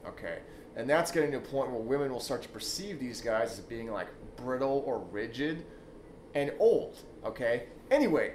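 A man coaching on dating in a casual, emphatic monologue, punctuating points with "okay?" and the odd swear. His pitch sits in an ordinary middle range. The room rings with echo, and faint background noise sits under him. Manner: loose, emphatic, frequent "okay?" tags and swearing; swoops into high exaggerated demonstrations.

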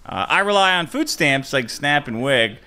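A man's voice: medium pitch, big pitch swings, normal speed, pushed and bright, smooth. A man co-hosting a comedic talk show, blunt, profane and exasperated. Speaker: podcast co-host. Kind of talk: comedic banter on a live show.

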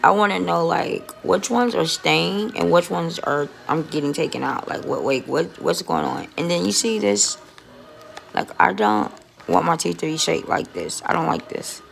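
Woman vlogger, low gravelly voice, rambling, foul-mouthed, phone mic, faint music. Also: expressive, moderate pace. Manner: chatty and rambling, swears often. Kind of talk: casual phone vlog. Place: dentist office. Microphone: phone held close.

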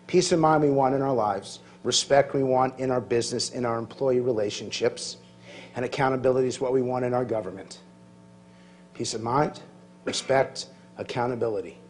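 A middle-aged man giving a lively speech to a live audience in a large hall, quizzing and joking with the crowd. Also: medium pitch, slight background noise. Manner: quick-witted, teasing the crowd with jokes and questions. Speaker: public speaker.

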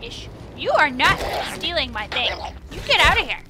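A woman streaming a video game and giving casual commentary, excitable and giggly, playfully trash-talking her opponents. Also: high voice, moderate pace, heavy background noise. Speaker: gaming streamer. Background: game music.

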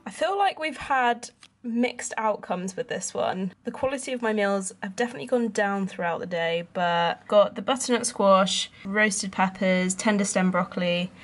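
A young woman with a London accent, chatting casually to camera in a cooking vlog, animated and full of quick asides. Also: medium pitch, soft background music. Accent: London English. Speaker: vlogger.

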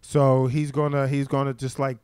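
A man's voice: mid-range voice, moderate pace, clear, resonant tone, no room sound, studio quality. A man, a stand-up comedian telling stories in casual chat and acting out the people he quotes. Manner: animated storyteller, acts out quoted voices. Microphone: studio mic.

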